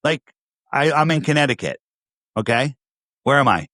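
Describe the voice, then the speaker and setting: A man's voice: medium pitch, sing-song, normal speed, a bit bright, dry recording, studio quality. A man with a New York accent, a podcast guest talking emphatically, repeating himself and firing rhetorical questions. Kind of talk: casual interview talk.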